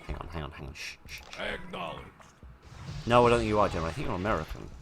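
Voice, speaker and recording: A man's voice: sits low, animated, rapid-fire, fairly bright tone, a little hiss or hum. A man giving casual gameplay commentary, chatty and self-deprecating, rambling as he plays. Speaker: let's play host.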